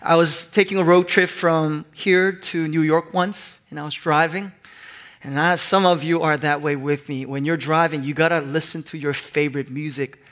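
High-voiced playful male pastor preaching. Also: fairly even intonation, moderate pace, a bit bright. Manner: playful, acts out voices in anecdotes. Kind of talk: sermon with humorous storytelling.

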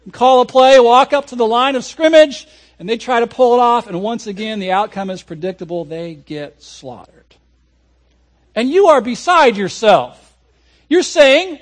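A man preaching a sermon as a pastor, telling a lively story and acting out people's reactions. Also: very high-pitched, moderate pace. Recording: audio recording of a sermon.

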